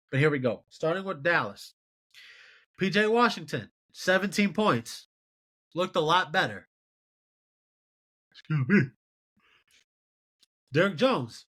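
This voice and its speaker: A man in his twenties hosting a solo sports show, giving animated, exasperated commentary on game results. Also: high voice. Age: 20s. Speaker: podcast host.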